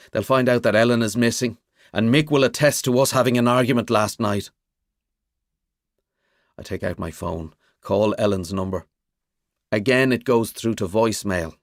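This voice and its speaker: A man's voice: lowish voice, no room sound, clean studio sound. A man narrating a suspense audiobook in the first person, telling it dramatically. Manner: expressive, dramatic storytelling.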